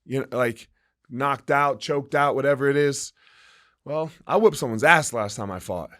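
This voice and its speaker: A man's voice: mid-range voice, moderate pace, a bit bright. A man in his forties, a former fighter and gym owner, telling stories candidly and emphatically in an interview, swearing freely and often asking "right?". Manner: profane, emphatic, frequent "right?" and "like".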